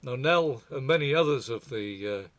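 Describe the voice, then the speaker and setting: A man's voice: mid-range voice, lively intonation, normal speed, fairly bright tone. An older man presenting a talk, telling stories in a wry, digressive way. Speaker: speaker presenting to a forum.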